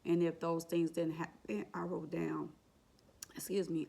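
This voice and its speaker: A woman's voice: fairly low pitch, little pitch movement, unhurried, vocal fry, mellow, slightly rough. A woman vlogger telling an emotional, faith-filled personal story in a casual, repetitive way. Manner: exclaims and laughs while retelling. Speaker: vlogger sharing her exam story.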